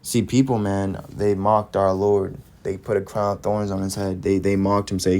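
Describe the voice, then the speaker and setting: A man's voice: sits low, level tone, normal speed, dark tone. A man preaching, reading scripture verses aloud and following each with short, emphatic comments.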